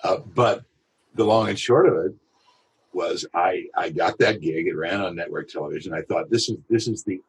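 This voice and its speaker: A male voiceover artist telling a lively anecdote in an interview, with a husky voice. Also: deep voice, normal speed, a little hiss or hum, poor audio. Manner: animated anecdotal storytelling. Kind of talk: storytelling in an interview.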